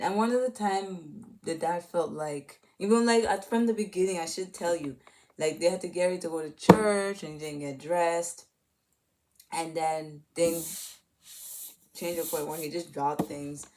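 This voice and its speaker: A woman's voice: deep voice, darkish tone. A woman retelling a movie in a casual, rambling way, full of fillers and restarts. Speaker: channel host.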